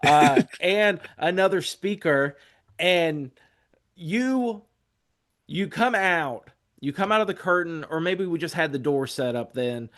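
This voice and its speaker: A man's voice: fairly high pitch, expressive, slow pace, fairly bright tone. A man in his forties, a podcast guest telling rambling road stories in a casual, profane way, acting out what others said. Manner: profane, rambling, acts out quotes. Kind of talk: casual storytelling.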